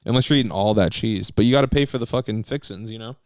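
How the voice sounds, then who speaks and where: Young male comedy co-host, smooth clear voice, dry close-mic sound, loose rambling delivery. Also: on the low side, fast talker, darkish tone, no echo. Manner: rambling, trailing off mid-sentence. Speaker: podcast co-host. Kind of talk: casual comedy chat.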